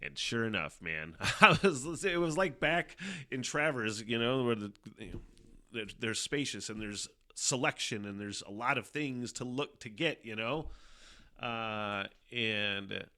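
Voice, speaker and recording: A man's voice: mid-range voice, lively intonation, a little slow, pushed and bright, no echo, studio quality. A middle-aged man from hosting his own podcast, rambling casually and swearing a lot, with plenty of fillers. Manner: rambling and profane, with frequent fillers and laughs. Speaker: podcast host. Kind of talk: casual solo podcast monologue.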